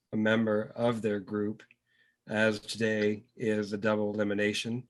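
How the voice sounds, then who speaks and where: A man hosting a music competition, with a brisk, teasing manner. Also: on the low side. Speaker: host.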